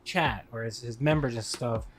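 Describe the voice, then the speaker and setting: A man's voice: medium pitch, moderate pace, soft background music. A man co-hosting a live stream, recapping drama in a rambling way with lots of fillers. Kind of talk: casual recap commentary.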